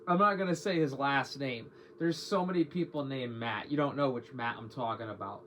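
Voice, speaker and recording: A man's voice: mid-range voice, moderate pace, fairly bright tone, a little hiss or hum. A young man telling a rambling, slang-heavy story from his own life in a casual storytime monologue, cursing freely as he goes. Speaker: vlogger.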